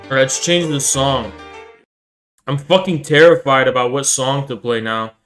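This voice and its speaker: A man's voice: mid-range voice, steady tone, normal speed, a bit bright, soft background music. A man live streaming an angry, profanity-heavy rant that sometimes slips into a sing-song delivery. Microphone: desk setup in front of a streaming camera.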